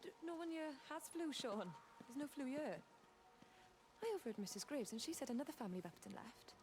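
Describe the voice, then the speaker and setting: An actress voicing a worried young Welsh mother in a video game, speaking quickly and often half-whispering. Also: sits high, animated, a little mellow, a little hiss or hum.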